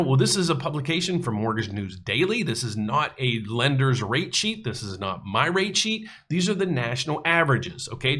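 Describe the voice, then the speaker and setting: A mortgage broker hosting his own show, casually explaining rate charts. He talks earnestly and folksily, restarts often and lets his pitch bounce up and down. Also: fairly bright tone. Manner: pitch jumps up and down often, repeats words and restarts.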